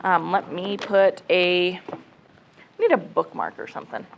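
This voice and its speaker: In a relaxed classroom lecture, a woman teaching math speaks with a fairly low, creaky voice at a measured pace. She's chatty, thinks aloud, checks in with students, and keeps saying "okay," captured on a low-quality recording with slight hiss or hum.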